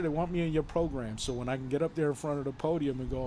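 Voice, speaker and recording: Animated man telling a story outdoors. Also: a little high, fast talker, hardly any pauses, slight background noise. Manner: animated storyteller, acts out quoted voices, swears freely. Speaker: guest telling his story. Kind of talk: casual chat.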